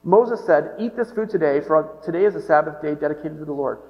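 A man's voice: a little high, fairly quick. A man giving a sermon, reading scripture aloud and then commenting on it in a casual, joking aside tone. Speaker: pastor. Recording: muffled sound with long hall reverb and mains hum.

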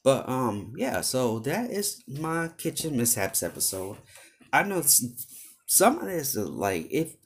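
A man's voice: mid-range voice, big pitch swings, a little slow, slightly rough. A young man venting about his job in a loose, rambling storytime style. His voice rises and falls a great deal as he grows exasperated, and he trips over filler words as he goes. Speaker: vlogger. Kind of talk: casual storytime rant.

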